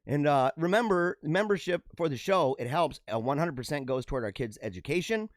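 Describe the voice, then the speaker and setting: High animated guy on a livestream, reading comments off a radio-style mic, dry close sound. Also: fairly quick, dry recording. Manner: animated, talks with feeling, drops pitch low for asides. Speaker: livestream show host. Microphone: radio-style studio mic.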